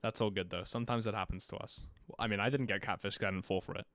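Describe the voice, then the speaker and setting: A young man live-streams his own commentary on an esports match, chatting and joking between bursts of energetic play-by-play. His voice is lowish and fast, with no echo.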